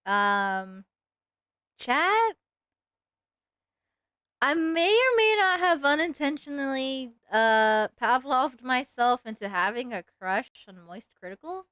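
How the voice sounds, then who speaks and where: A woman chats loosely on a livestream while drawing, filling her talk with "like" as she rambles. Her voice sits a bit high and comes through smooth and clear. The sound is dry and close, with no room echo. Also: animated, unhurried, hardly any pauses, a bit bright. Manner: rambling, lots of "like" fillers. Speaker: streamer.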